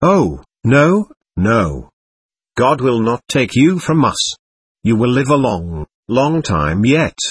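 A man reading an effusive middle-aged lady who pleads and exclaims, her lines rising and falling widely. The voice is a little husky and sits in a dry, close sound. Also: medium pitch, big pitch swings, a little slow, a bit bright, no echo, exaggerated voice. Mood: pleading. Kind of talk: audiobook character reading.

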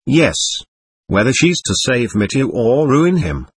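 A man's voice: medium pitch, sing-song, unhurried, husky, dry recording, heavily acted. Man playing a bitter, contemptuous young man. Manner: irritable, contemptuous.

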